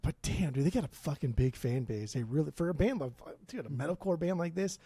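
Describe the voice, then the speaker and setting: A man's voice: fairly high pitch, lively intonation, a little fast, mellow, breathy edge, dry recording. A man co-hosting a casual music podcast, rambling through blunt, profane opinions. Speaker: podcast co-host.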